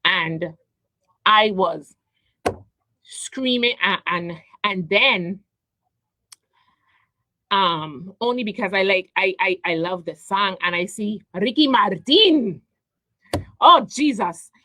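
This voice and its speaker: A woman's voice: medium pitch, bright, forceful tone, no echo, rough recording. Heartfelt woman radio host, dry sound. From U.S. Virgin Islands (St. Croix). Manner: halting, repeats words, many ums, heartfelt. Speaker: radio talk show host. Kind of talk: emotional personal monologue. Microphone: studio microphone.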